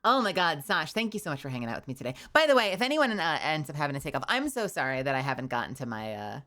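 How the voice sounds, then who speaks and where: A woman's voice: low voice, very animated, quick pace, a bit bright. A young woman streaming casually, bubbly and rambling, often laughing. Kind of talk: casual livestream chat.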